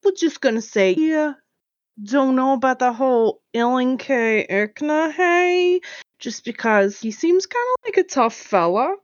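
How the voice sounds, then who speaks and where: A playful, bubbly woman playing a tabletop game, with a slightly high voice. She is recorded close on a slightly dull, lo-fi mic with little room sound. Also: animated, measured pace, no echo. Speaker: player. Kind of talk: tabletop play.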